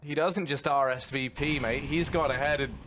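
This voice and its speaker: A man's voice: medium pitch, steady tone, normal speed, background noise. Man casting esports with theatrical jokes. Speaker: esports caster. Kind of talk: color commentary.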